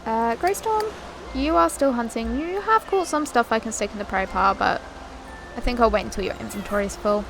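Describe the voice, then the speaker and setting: A young woman giving casual, chatty gameplay commentary while she plays, often bemused and quick to correct herself. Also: a little high, vocal fry, over music. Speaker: gaming YouTuber.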